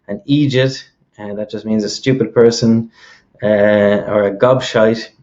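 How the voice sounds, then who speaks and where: A man's voice: lowish voice, fairly even intonation, unhurried, a little mellow, dull audio. An Irish man with a mild accent, patiently explaining with examples and often checking "okay?" as he goes. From Ireland. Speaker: host. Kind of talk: explanatory lesson.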